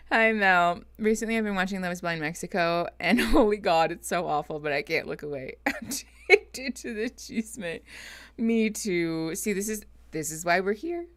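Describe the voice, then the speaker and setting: A woman's voice: medium pitch, animated, moderate pace, fairly bright tone. A woman therapist chatting casually on a live stream, greeting viewers and laughing often. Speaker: therapist streaming reaction show.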